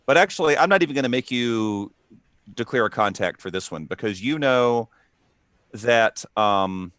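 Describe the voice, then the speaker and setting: Smooth-voiced man running a tabletop game. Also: mid-range voice, expressive, normal speed, fairly bright tone, dry recording. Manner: hesitant, lots of ums and uhs. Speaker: game master.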